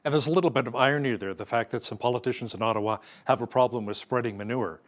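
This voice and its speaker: A man's voice: medium pitch, quick pace. A man hosting a news interview in a wry, conversational way. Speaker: news anchor.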